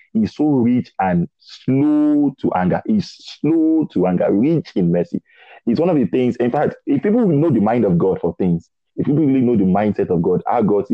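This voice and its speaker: A young man from Nigeria sharing a personal faith testimony in conversation, animated and acting out dialogue. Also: lowish voice, husky, dry recording. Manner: animated storytelling, acts out dialogue, repeats words. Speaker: guest preacher. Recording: dull lo-fi dry sound.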